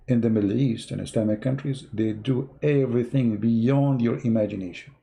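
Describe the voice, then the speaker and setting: A man's voice: medium pitch, quick pace, creaky, few pauses, mellow. A man hosting a live stream, talking casually in a mocking way in broken English and telling a joke.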